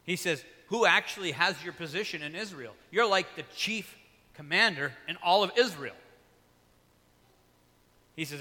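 Male pastor, bright and slightly high voice, chatty preaching with stories, church hall echo. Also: animated, unhurried, long pauses. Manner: conversational preaching, acts out Bible dialogue, asides and personal stories. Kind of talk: sermon.

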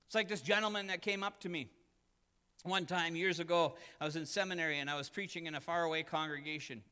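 A man preaches in a church, his fairly high voice carried by a long hall reverb. He swings between loud, emphatic peaks and hushed, intimate asides. This is full sermon delivery. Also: fairly even intonation, quick pace, clean tone. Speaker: pastor.

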